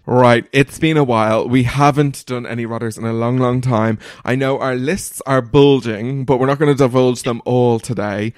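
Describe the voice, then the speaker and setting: A man's voice: mid-range voice, steady tone, no room sound. Chatty man co-hosting a podcast, dry sound. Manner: chatty, quick asides, laughs often. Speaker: podcast co-host. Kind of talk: casual podcast chat.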